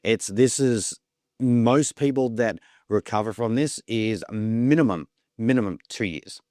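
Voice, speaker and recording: A man's voice: fairly low pitch, measured pace, a little mellow, dry recording, studio quality. A man telling his own story in casual talk, rambling, repeating words and acting out the lines of others. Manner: rambling, repeats words, acts out quoted dialogue. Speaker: podcast guest.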